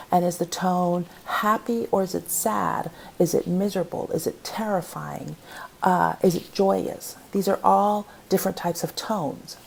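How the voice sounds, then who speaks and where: A woman's voice: lowish voice, gravelly, a little mellow, a little hiss or hum. A woman, a college composition instructor, giving a recorded online lecture and quizzing her students with question after question. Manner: explanatory, asks the class many questions. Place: home, recorded for online class.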